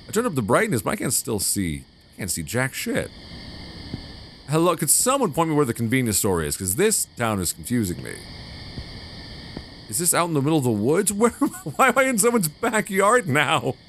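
Lively, cursing male gamer. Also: mid-range voice, fairly quick, pauses often, slight background noise. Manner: animated, swearing, easily flustered. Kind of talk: let's play commentary.

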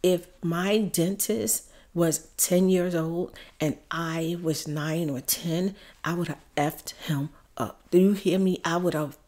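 A woman's voice: on the low side, fairly even intonation, slow, darkish tone. A woman heatedly telling viewers a personal storytime, repeating herself. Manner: heated, repetitive, addresses viewers as y'all. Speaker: YouTube storyteller. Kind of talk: emotional storytime.

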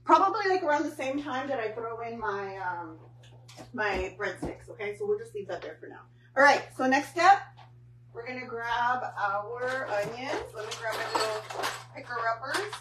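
A woman's voice: on the high side, lively intonation, normal speed, background noise. A young woman chatting and joking through a home cooking stream, tossing in Spanish words. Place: home kitchen.

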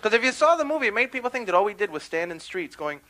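A young man with a New York accent doing a stand-up comedy routine on a club stage, brash and quick to slip into character voices, on a 1970s live record with faint hiss. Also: high-pitched, big pitch swings.

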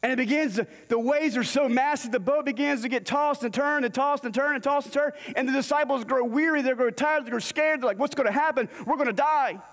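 Long hall reverb fills the church sanctuary as a man preaches with an extremely high, slightly bright voice, talking a little fast with few pauses. He narrates a scripture story and performs the lines of its characters.

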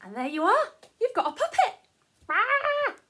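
A woman's voice: extremely high pitch, huge pitch swings, fast talker, fairly bright tone. A woman teacher giving a playful, sing-song lesson to young children.

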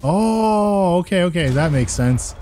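A man streaming a shooter game, chatting casually, excitable, swearing and laughing a lot. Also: medium pitch, normal speed, soft background music. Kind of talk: casual gaming chat.

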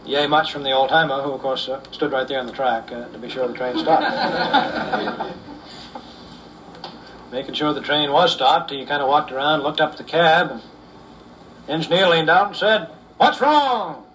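Unhurried storyteller, distant mic. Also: male voice, a little high, a crowd in the background. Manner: unhurried, with fillers. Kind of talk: folksy humorous storytelling.

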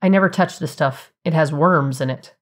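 A woman voicing a stubborn, gruff elderly grandfather in an audio story. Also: on the high side, normal speed, a bit bright, lightly acted. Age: older. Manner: stubborn, insistent.

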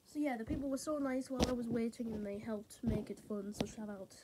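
A woman's voice: a little high, little pitch movement, a little fast. A woman chatting casually in a hotel room, out of breath, rambling with many fillers and restarts. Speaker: vlogger. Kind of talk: casual vlog chat. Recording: loud background noise. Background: loud noise.

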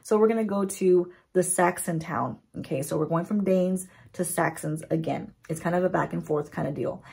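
A woman beauty vlogger recapping a story in a chatty, animated way, with casual swearing. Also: fairly low pitch, moderate pace, vocal fry, slightly rough.

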